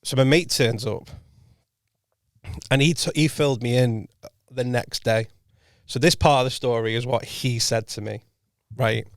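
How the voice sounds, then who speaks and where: A man co-hosting a podcast, telling a rambling anecdote in casual chat, full of self-corrections and quoted dialogue that he voices quietly. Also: medium pitch, fairly even intonation, a little slow, dry recording, studio quality. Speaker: podcast co-host and comedian. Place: podcast studio.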